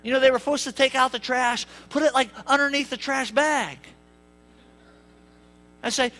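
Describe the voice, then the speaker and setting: A male pastor giving a sermon, telling funny family stories in an animated way. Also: very high-pitched, normal speed, pauses often, faint music behind. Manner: animated, jokey, acts out voices. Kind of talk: sermon with humorous storytelling. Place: church sanctuary.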